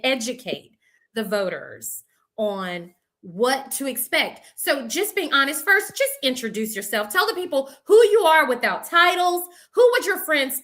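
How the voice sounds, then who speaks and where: A woman's voice: a little high, a bit bright. A woman hosting a community talk show, speaking in an upbeat, emphatic and encouraging way. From United States. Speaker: host.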